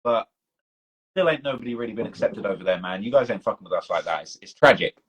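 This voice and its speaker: Husky British man rambling in slang. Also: lowish voice, lively intonation, quick pace, fairly bright tone, poor audio. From United Kingdom. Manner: rambling, slangy, full of fillers and restarts. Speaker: documentary channel host. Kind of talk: casual live-stream chat.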